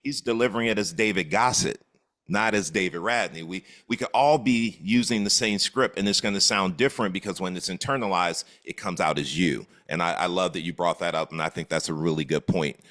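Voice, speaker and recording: A man's voice: deep voice, fairly quick, fairly bright tone, no echo, studio quality. A man, a real estate coach, giving encouraging feedback on a group video call and often repeating words as he starts.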